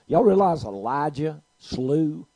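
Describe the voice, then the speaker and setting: Man preaching, gravelly and husky, big loud-soft swings. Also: fairly high pitch, animated, slow pace, no room sound, low-quality recording. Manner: storytelling, swings from quiet to loud. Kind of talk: preaching a sermon.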